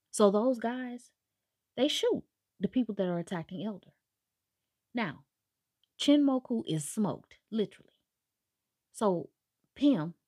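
A woman casually retelling a book's plot to her viewers, animated and chatty, slipping into the characters' lines as she goes. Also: fairly low pitch, slightly rough, dry recording, clean studio sound. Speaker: book recap vlogger. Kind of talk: casual storytelling recap.

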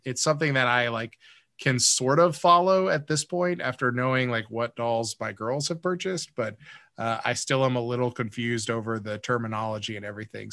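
A man's voice: medium pitch, pushed and bright, clean tone, no room sound, clean studio sound. A man in casual chat, rambling with many fillers and restarts as he recaps a comedy sketch. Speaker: podcast co-host.

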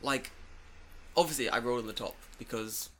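A man co-hosting a casual podcast, swearing a lot and telling animated stories with put-on voices. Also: medium pitch, a little hiss or hum. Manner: fast, profane, animated storytelling with put-on voices. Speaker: podcast co-host. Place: home recording room.

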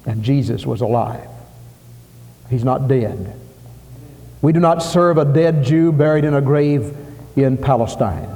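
A man's voice: medium pitch, a little slow, pauses often, mellow, big-room sound. A man preaching a sermon at a church service, emphatic, repeating phrases for stress. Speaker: pastor.

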